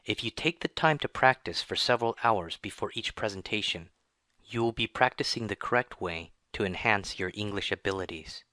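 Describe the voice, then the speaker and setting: A man narrating a scripted English lesson, reading in a slow, even and careful way. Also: lowish voice, dry recording. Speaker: English teacher.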